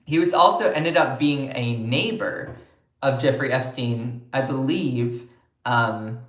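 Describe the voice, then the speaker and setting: A man's voice: mid-range voice, slow pace, fairly bright tone, reverberant. A man doing casual political commentary on a livestream, chatty and sarcastic as he answers comments from his chat.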